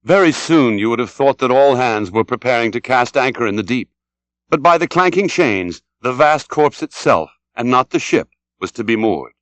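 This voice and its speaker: Male narrator, mid pitch, animated dramatic reading, dry studio recording. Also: normal speed, no room sound. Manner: dramatic, shouts out the sailors' cries. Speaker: audiobook narrator. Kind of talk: scripted narration.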